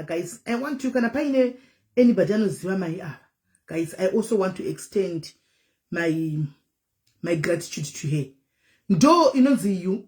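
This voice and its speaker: A woman host who talks fast and casually to her viewers. She flips between Shona and English mid-sentence in a chatty, unscripted flow. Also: medium pitch. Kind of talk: live chat show talk.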